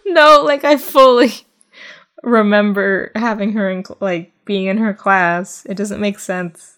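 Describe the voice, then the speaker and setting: A woman's voice: medium pitch, unhurried, fairly bright tone. A young adult woman co-hosting a podcast, chatting casually and animatedly, laughing often. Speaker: podcast co-host. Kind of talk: casual chat.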